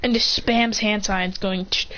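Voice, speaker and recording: A woman casually retelling an imagined story, rambling and excitable, with sound effects and restarts. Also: medium pitch, normal speed. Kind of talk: casual fan-fiction retelling. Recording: dull lo-fi home recording with faint hiss.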